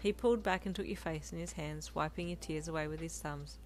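Low-toned woman narrating fanfiction. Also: fairly quick, soft background music. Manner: steady, gentle storytelling. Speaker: fanfiction reader. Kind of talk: scripted narration.

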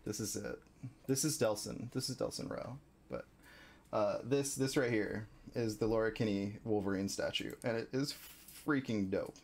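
A young adult man streaming a live reaction, emotional and quick to laugh and swear. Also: lowish voice, a little mellow.

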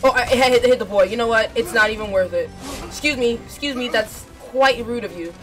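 Excitable woman streamer yelling at a game. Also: on the high side. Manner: excitable, yells at the game, repeats phrases rapidly. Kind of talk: live gameplay commentary. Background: game music.

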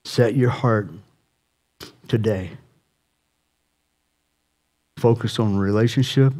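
A man preaching a sermon as pastor, swinging from impassioned, near-shouted appeals to soft, quiet pleading. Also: medium pitch, measured pace, long pauses.

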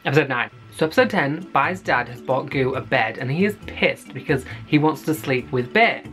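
A man's voice: medium pitch, animated, moderate pace, a bit bright, faint music behind. A man giving a casual, profane recap of a web series and acting out the characters' lines.

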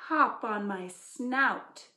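A woman voicing a sly, smooth-talking male fox in a coaxing, falsely friendly way for a storybook reading. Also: on the high side, extremely slow, sharp tone, full character voice. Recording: echoey room.

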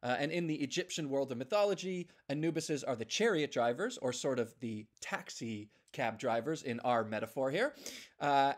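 Animated man pitching a storyboard. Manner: animated, sound effects between lines. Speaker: story artist.

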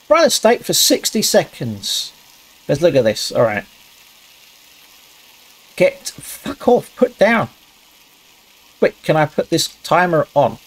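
A man's voice: big pitch swings, slow pace, long pauses. A man commentating a cooking game, swearing a lot and talking himself through each task. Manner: yelps high when things go wrong. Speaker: gaming channel host. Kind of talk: casual gameplay commentary.

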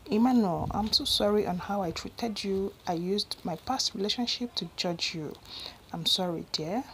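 An anxious, impulsive young woman in love, pleading in an earnest, slightly shaky voice, as a Nigerian woman reads her lines. Her Nigerian accent carries through a mid-pitched voice. She sounds like a character in a storybook. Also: normal speed, fairly bright tone, a little hiss or hum, lightly acted, rough recording. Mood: remorseful. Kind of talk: storybook narration with voiced dialogue.

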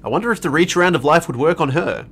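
A man's voice: a little high, animated, very fast, fairly bright tone, a little hiss or hum. A man hosting a game stream, narrating a visual novel with sarcastic jokey asides. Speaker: host reading a visual novel. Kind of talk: comedic let's-play narration.

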